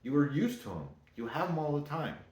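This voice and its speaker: A man's voice: on the high side, big pitch swings, brisk, a little mellow. A man giving a casual motivational talk, rambling and correcting himself as he goes. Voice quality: talks in loose, rambling sentences with self-corrections. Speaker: motivational speaker. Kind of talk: casual monologue. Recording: echoey room.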